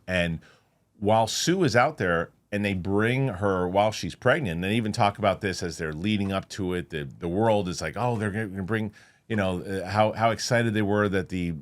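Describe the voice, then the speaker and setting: Animated man rambling through a review. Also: deep voice, normal speed. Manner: animated, rambling retelling with many restarts. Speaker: movie review host. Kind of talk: casual spoiler review chat.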